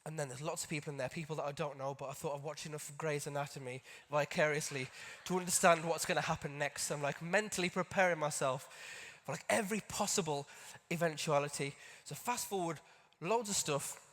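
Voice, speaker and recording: A man's voice: on the high side, a little fast, hardly any pauses, a bit bright. A man telling a personal story at a conference, talking in a conversational way with self-mocking asides to the audience. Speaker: conference speaker. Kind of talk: storytelling stage talk. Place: large conference hall stage. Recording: long hall reverb from a stage.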